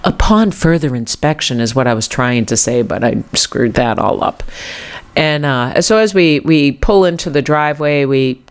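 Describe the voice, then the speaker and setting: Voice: mid-range voice, moderate pace, smooth. A podcast host with a New England accent, telling a story in a wandering, self-correcting way and chuckling often. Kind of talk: rambling casual storytelling.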